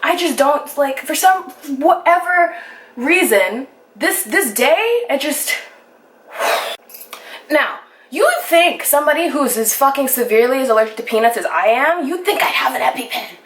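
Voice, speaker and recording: Young woman, high-pitched, roomy echo, animated rambling storytime, frequent swearing, casual vlog. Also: a little slow, slight background noise. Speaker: vlogger. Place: indoors at home, sunlit room.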